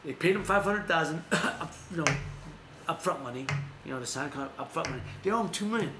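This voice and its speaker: A man's voice: a little high, expressive, quick pace, reverberant, background noise. A man hosting a live stream, talking boxing news in a loose, rambling way with frequent restarts and laughs. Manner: rambling, self-correcting, laughs often. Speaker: host. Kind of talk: casual boxing news chat.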